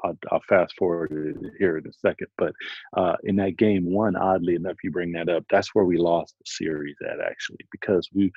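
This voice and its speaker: A former pro basketball player telling stories in a casual talk, halting and restarting often. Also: male voice, deep voice, vocal fry, no echo, muffled recording. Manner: halting, with many restarts and repeated words. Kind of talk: casual conversation, storytelling.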